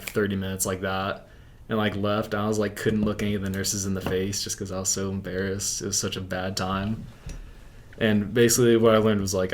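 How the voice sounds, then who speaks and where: A young man telling a story as an interview guest, rambling, with filler "like" in nearly every sentence. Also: lowish voice. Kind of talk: casual storytelling.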